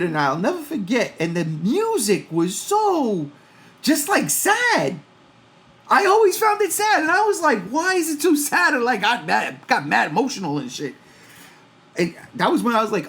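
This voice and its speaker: A man in his forties hosting a casual pop-culture podcast, telling stories in a loose, profane, animated way. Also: high-pitched. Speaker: podcast host.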